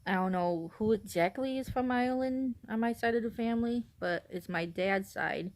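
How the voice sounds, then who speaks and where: A woman's voice: a little high, moderate pace. A woman from northern Illinois talking casually to camera in a vlog. She rambles, keeps correcting herself, giggles often and admits to being nervous on camera. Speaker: vlogger.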